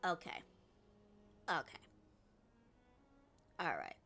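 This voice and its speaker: A woman streamer in casual game commentary who picks apart voice acting with plenty of fillers. Her voice is low, slow and bright, with faint music behind her. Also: huge pitch swings, husky. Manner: critiques voice acting, filler-heavy.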